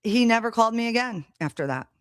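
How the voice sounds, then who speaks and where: A woman's voice: on the high side, expressive, fast talker, dry recording, clean studio sound. A woman hosting a live stream, telling a personal story in a blunt, heated, casual way, swearing freely. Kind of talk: casual monologue to a live audience. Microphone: streaming setup mic.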